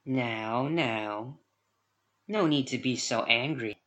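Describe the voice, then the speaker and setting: A man's voice: mid-range voice, slow pace, fairly bright tone. A man voicing a cruel, teasing young girl who has just grown into a woman, in a mocking, sweetly defiant manner. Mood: cooing. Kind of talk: audiobook character voice.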